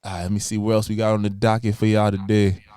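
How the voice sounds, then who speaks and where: A young man hosting a podcast, chatting casually and laughing, his voice leaping up in pitch when he gets excited. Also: fast, clear, resonant tone, dry recording. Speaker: podcast host.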